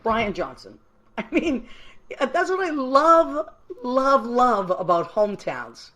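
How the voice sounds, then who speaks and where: A woman's voice: fairly high pitch, very animated, slow pace, fairly bright tone. A woman from Massachusetts hosting a live call-in show, chatty, effusive and affectionate, rambling a little as she goes. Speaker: host.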